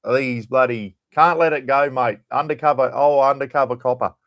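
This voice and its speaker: A middle-aged Australian man talks easily on a live stream, greeting regulars by name and rambling from topic to topic. His voice sits at an ordinary pitch, and his chat is relaxed and friendly. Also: a little fast. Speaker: livestream host.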